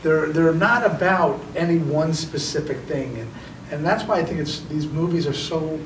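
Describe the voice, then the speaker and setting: A man, a film producer, answering interview questions in a measured way with stuttered restarts. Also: fairly high pitch. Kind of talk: press junket interview. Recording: roomy, distant, noisy.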